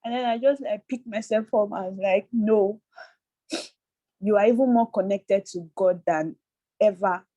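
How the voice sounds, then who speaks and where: A woman from Nigeria sharing a personal story on a video call, halting and tearful, with many restarts. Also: medium pitch, dark tone, no room sound, muffled recording. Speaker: workshop participant.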